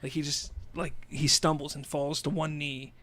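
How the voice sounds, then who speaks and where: Rambling higher-voiced podcast co-host man. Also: flat delivery, moderate pace, pushed and bright. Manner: rambling, with many "you know" fillers. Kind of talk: casual chat, retelling a film plot. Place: indoor room, across a table from his co-host.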